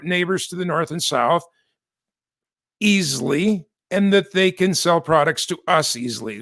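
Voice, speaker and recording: A man's voice: fairly high pitch, a bit bright, dry recording. Chatty American man, dry close sound. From United States. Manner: chatty, digressive, self-correcting with asides. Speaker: host. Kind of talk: casual news commentary.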